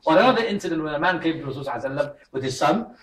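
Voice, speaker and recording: A man's voice: a little high, expressive, rapid-fire, a bit bright. A man giving a religious talk as an imam to a congregation in a mosque hall, telling stories with humor and acting out the voices he quotes. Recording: roomy hall, voice from a distant mic.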